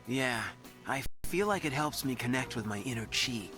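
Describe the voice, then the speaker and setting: A man voicing a mellow teenage boy in a video game, talking in a slow, laid-back, dreamy drawl. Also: mid-range voice, animated, faint music behind.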